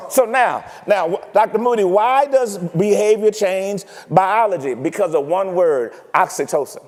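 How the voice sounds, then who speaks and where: High-voiced preacher in an echoing church. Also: male voice, unhurried. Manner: animated, teasing preaching with rhetorical questions. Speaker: pastor. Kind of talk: sermon. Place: church sanctuary.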